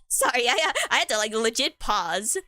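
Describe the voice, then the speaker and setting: A woman's voice: on the high side, sing-song, a little slow, bright, forceful tone, dry recording, clean studio sound. A young adult woman streaming, chatting and improvising a role-play, rambling and giggling.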